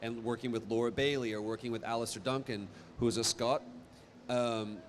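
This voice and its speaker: A man in his thirties, a voice actor speaking on a convention stage, animated and self-deprecating, with frequent restarts. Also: mid-range voice, fairly quick, a little hiss or hum. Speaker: voice actor guest on a convention panel. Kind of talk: live panel storytelling.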